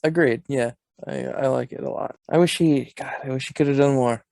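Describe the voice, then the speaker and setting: A man co-hosting a podcast in relaxed casual chat, giving film facts and opinions. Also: medium pitch, brisk, gravelly, dry recording. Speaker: podcast co-host.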